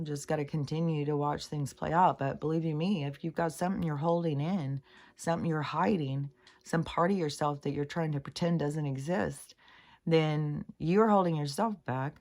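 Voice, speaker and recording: Middle aged lady rambling about truth and the universe, low voice, kinda gravelly, swears a lot. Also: normal speed, darkish tone. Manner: meandering, earnest, swears casually, frequent fillers. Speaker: spiritual vlogger. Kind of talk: rambling spiritual monologue.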